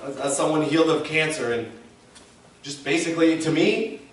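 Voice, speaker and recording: This pastor's voice is a little high and moves at a moderate pace as he preaches emphatically, getting the congregation to say his words back. Slight background noise accompanies the distant recording in the echoing church sanctuary.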